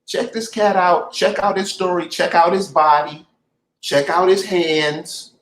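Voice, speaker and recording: A man with a slightly raised pitch urges his listeners on in an emphatic, repetitive, preacher-like way. He hosts a casual conversation, recorded in a room with noticeable echo. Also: fairly even intonation, measured pace, a bit bright. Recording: echoey room.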